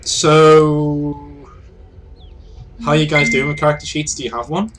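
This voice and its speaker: A man's voice: a little high, soft background music. Man running a tabletop game. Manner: relaxed, halting, frequent restarts and clears throat. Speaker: game master.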